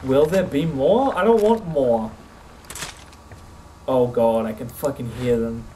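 A man with a mellow, mid-range voice streams a horror game, talking slowly. He curses and gets startled as he talks to his companion through a desk mic alongside a face cam. The poor-quality audio carries a little hiss or hum.

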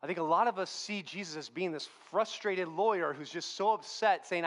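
High-voiced, joking young pastor preaching. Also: male voice, brisk, few pauses, a bit bright. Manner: conversational, humorous, self-deprecating storytelling. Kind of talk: sermon. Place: church.

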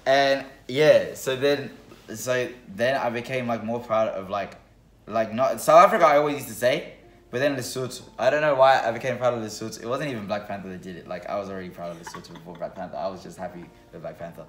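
A man chatting casually with family, rambling and animated with many fillers. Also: fairly low pitch, quick pace. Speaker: family member in vlog. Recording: roomy room with faint music.

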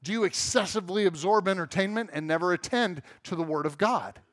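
High-voiced candid preacher man. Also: brisk, fairly bright tone, no echo, clean studio sound. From Southern California. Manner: candid, self-mocking, acts out quoted voices. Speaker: pastor. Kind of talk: sermon. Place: church sanctuary.

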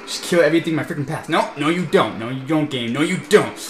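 A young man doing let's play commentary, ranting in frustration at a racing game and mixing shouts with laughter. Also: fairly high pitch, quick pace, background noise. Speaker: gameplay commentator. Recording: echoey room with game music.

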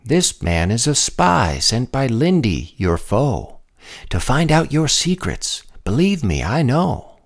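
A man's voice: mid-range voice, big pitch swings, slow pace, heavily acted. A man voicing a scheming male turtle advisor in a storybook, with a gloating, conniving manner. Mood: accusing.

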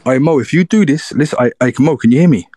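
A man, a friend trying calmly to reason with the others. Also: mid-range voice, fast, breathy edge, dry recording. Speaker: friend of the fighter. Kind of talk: casual street talk.

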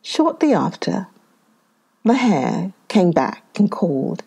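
Slow, expressive woman reading a children's story. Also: fairly low pitch, vocal fry, husky.

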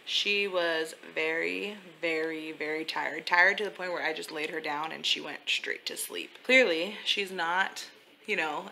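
A woman's voice: lowish voice, a little hiss or hum, poor audio. A woman in her twenties chatting casually in a family vlog. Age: 20s. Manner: chatty, animated talk to a toddler. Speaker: vlogger.

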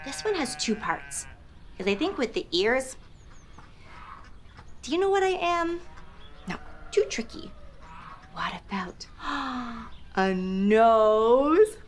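A young woman hosts a toddler lesson with big, exaggerated delivery. Her voice sits high and swoops widely, and she takes everything very slowly. A faint hum of noise sits behind her. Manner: animated, exaggerated, slow and sing-song. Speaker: children's show host. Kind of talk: playful teaching for toddlers.

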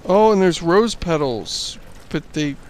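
A man's voice: on the high side, expressive, takes it slowly, a little mellow, a little hiss or hum. A man co-hosting a game commentary show, explaining the game with dry jokes. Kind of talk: casual group commentary.

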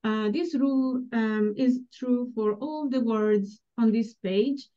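A woman teaching a language class over a video call, slowly and patiently modeling words for students to repeat. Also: on the high side, mellow. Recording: dull lo-fi call audio.

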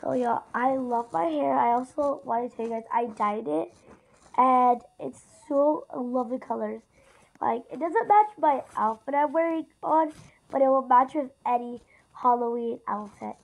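Her voice is high, gravelly and darkish, her pace a little slow, and the audio quality is poor. As a female gaming YouTuber, she rambles chattily through her gameplay and keeps talking directly to viewers.

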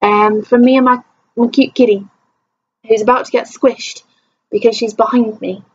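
A woman's voice: fairly high pitch, fairly even intonation, normal speed, long pauses, breathy edge, dull audio. A tired young woman from England chatting to camera in a rambling, self-deprecating vlog. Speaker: vlogger. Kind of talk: casual chat to camera.

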